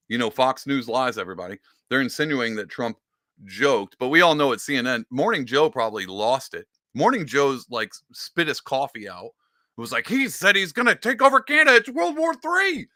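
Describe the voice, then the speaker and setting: A man hosts a livestream in a casual, jokey, rambling rant. His pitch swings widely as he talks, his tone is bright and forceful, and the sound is dry and close. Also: dry recording. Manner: animated, joking, rambling. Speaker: livestream host. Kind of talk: casual comedic political rant.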